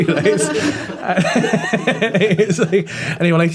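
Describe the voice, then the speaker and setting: A man's voice: high-pitched, slow pace, few pauses. Sweary man telling a funny story. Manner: swears a lot, laughs through his stories, mimics people he quotes. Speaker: podcast co-host. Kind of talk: casual storytelling chat.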